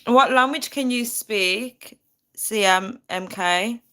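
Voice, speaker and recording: A woman's voice: mid-range voice, slow pace, sharp tone. A woman from the UK chatting casually on a livestream. She talks through her phone, answers viewer comments and laughs often. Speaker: livestream host. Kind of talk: casual live chat with viewers.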